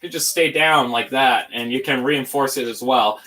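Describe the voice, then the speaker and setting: A man hosting a casual livestream tutorial, talking in an excitable, giddy, rambling way. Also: mid-range voice, moderate pace, soft background music. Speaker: livestream host building toys.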